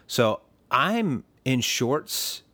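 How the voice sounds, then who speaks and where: A man's voice: mid-range voice, big pitch swings, drawn-out words, fairly bright tone. A man telling a story in casual podcast chat, chuckling often and rambling with lots of fillers.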